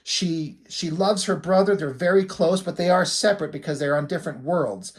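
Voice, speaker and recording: A man's voice: on the high side, moderate pace. A man giving casual, candid commentary on his own comic pages, self-critical and swearing now and then. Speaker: comic artist and channel host.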